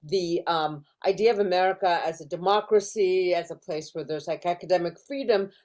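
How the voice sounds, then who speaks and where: A middle-aged woman professor in California, with a fairly low, slightly mellow voice at a moderate pace, speaks in an interview over a video call. The casual academic discussion finds her thoughtful, using many fillers and restarts and acting out quoted voices.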